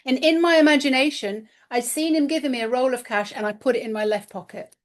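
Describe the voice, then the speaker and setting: Female host, somewhat high voice, chatty candid storyteller, casual monologue delivery. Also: quick pace. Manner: chatty, animated, candid with mild swearing. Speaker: spiritual channel host.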